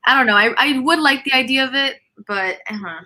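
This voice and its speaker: A woman's voice: sits high, brisk, pushed and bright. A woman hosting a casual live video-call chat, talking in rambling restarts and laughing often. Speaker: host; teacher.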